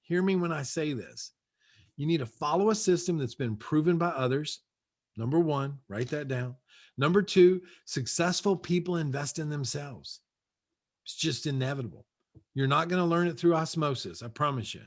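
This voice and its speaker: A man's voice: fairly high pitch, moderate pace. A man speaking from his home over a video call, giving a punchy, repetitive motivational talk as a guest real estate coach. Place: his own house.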